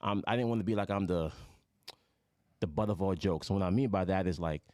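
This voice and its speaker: A man from Jamaica chats easily as a podcast guest, his voice sitting on the low side. He fills his talk with "you know" and rambles in a relaxed way. The sound is close and dry. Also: a little fast, no echo. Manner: laid-back, says "you know" a lot. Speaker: guest musician. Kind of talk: casual chat.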